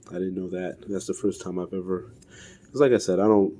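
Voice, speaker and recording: A man with a lowish, mellow voice talks through an action figure review off the cuff. He hesitates constantly, repeats himself and apologizes for mangling names. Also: fairly even intonation, brisk. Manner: rambling, hesitant, many fillers and restarts; self-deprecating, fumbles pronouncing names. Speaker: toy reviewer. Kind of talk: casual unscripted toy review.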